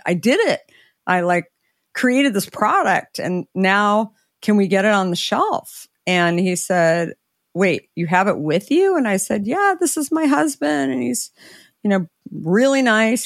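A middle-aged woman, an interview guest, telling a story in a conversational way, animated and acting out the dialogue she quotes. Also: lowish voice, no room sound, studio quality.

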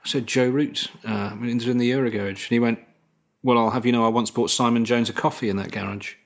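A man's voice: medium pitch, fairly even intonation, brisk. A middle-aged man hosting a podcast, telling stories in a dry, self-deprecating way. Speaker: podcast host. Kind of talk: casual chat.

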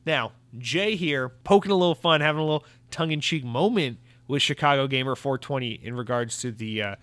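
A man's voice: medium pitch, a little fast, no room sound. An American man hosting a podcast in a casual, rambling way, reading out listener comments and reacting to them. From United States. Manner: rambling, animated, reads listener comments aloud. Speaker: podcast host. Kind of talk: casual solo podcast chat.

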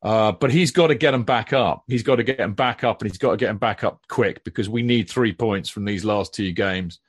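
A man's voice: lowish voice, brisk, breathy edge, no room sound. Emphatic man, dry sound. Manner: emphatic, repeats phrases for weight. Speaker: podcast co-host. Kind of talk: casual football chat.

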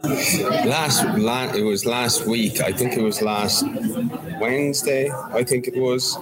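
A man's voice: medium pitch, slow, over a noisy crowd. A man, a fighter guest on a podcast, telling stories casually and acting out what others said. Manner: animated storytelling, acts out quotes. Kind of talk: casual interview chat.

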